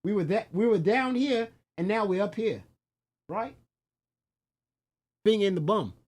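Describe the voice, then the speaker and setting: A man's voice: high-pitched, lively intonation, a little slow, a little mellow. A man on a stream doing a put-on Australian accent, voicing a boastful made-up brother from down under who rambles and trips over his words. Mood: joking boastful. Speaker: stream commentator.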